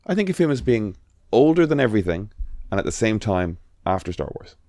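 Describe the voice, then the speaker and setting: A man's voice: on the low side, big pitch swings, a little fast, dark tone. An Irish man co-hosting a podcast in casual chat, rambling and swearing freely with lots of restarts. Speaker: podcast co-host.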